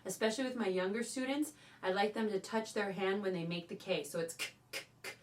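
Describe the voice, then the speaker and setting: A woman from California, a voice teacher, leading a choir warm-up and calling out cues between sung drills. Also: mid-range voice, fairly quick. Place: teaching studio. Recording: voice from a distance over loud piano. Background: loud piano accompaniment.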